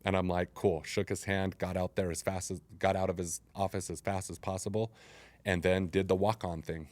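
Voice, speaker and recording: A man's voice: low voice, normal speed, no echo. A man in his forties, a former football player, telling his story casually as an interview guest and acting out the dialogue. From Utah, United States. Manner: animated, acts out quoted dialogue.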